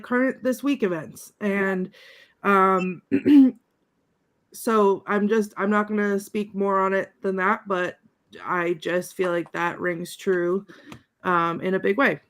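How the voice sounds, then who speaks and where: A woman on a panel discussion, reading out favorite lines and laughing between them. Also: medium pitch. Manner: reads quotes aloud with laughs. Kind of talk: casual chat, reading quotes.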